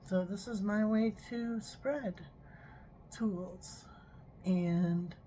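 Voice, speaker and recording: A woman's voice: medium pitch, drawn-out words, warm tone, slight background noise, rough recording. A woman talking in an earnest, frustrated personal vlog, doing a tarot reading and stopping now and then to apologize. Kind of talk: emotional personal vlog monologue.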